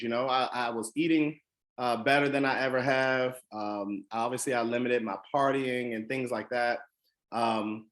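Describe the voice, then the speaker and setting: A man from the Washington DC area tells a personal story to motivate his listeners. He speaks earnestly and emphatically, often pausing on "um" and restarting his sentences. His voice sits at an ordinary middle pitch.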